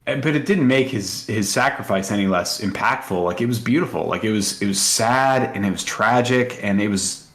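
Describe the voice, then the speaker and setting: A man's voice: fairly low pitch, moderate pace, few pauses, roomy sound. A man co-hosting a podcast, chatting casually and emotionally with many fillers. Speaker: podcast co-host. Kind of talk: casual chat.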